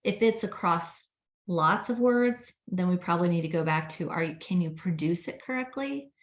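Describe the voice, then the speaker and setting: A woman with a fairly low voice, heard in a noticeably echoey room. She is a speech-language pathologist and explains how children produce sounds in an animated, teacherly way. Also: moderate pace. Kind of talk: interview conversation.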